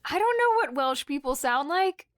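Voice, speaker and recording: A woman's voice: high voice, very animated, moderate pace, dry recording. Woman, casual podcast chat, curious, asks questions, self-deprecating, dry close recording. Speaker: podcast co-host.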